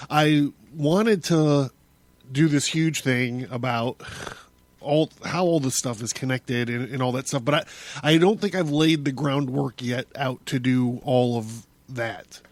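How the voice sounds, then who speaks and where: A man's voice: medium pitch, no room sound. A man hosting his own podcast, talking through a casual solo monologue in a rambling way, with many restarts and chuckles. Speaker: podcast host.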